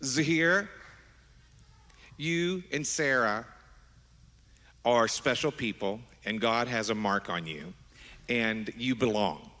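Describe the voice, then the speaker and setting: Animated pastor in an echoing church. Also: male voice, medium pitch, slow pace, long pauses. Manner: animated, affectionate, rambling with asides. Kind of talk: sermon. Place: large church sanctuary. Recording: long hall reverb.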